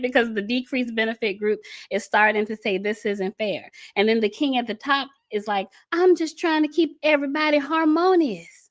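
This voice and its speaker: Emphatic woman explaining with mock voices. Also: medium pitch. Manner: emphatic, breaks into laughs, repeats phrases for stress; casual, mock voices when quoting. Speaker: speaker on a panel about a church group. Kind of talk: animated talk explaining with a diagram.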